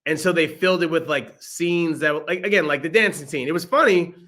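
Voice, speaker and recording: Bright-voiced, animated young man. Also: on the high side, brisk. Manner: animated, joking, laughs often. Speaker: podcast co-host. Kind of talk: casual movie review chat.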